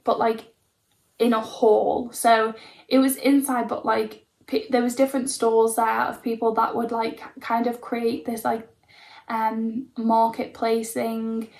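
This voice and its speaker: A young woman tells her own story to camera in a loose, rambling way, filling gaps with likes and ums. Her voice sits a little high but barely moves in pitch. A gravelly vocal fry runs under her words. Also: a little mellow.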